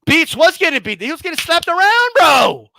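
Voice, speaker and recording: A man hosting a boxing channel, gloating and mocking his critics in a heated rant, swearing often and shouting at times. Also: very high voice, very animated, normal speed, gravelly, a little hiss or hum. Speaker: boxing commentator and channel host.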